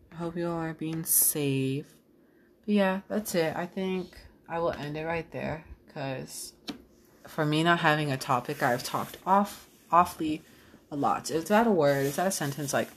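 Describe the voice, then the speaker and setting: A woman's voice: sits low, a little hiss or hum. A young woman hosting her own podcast, rambling casually with lots of fillers, tired late at night. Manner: rambling, self-deprecating, filler-heavy. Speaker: podcast host.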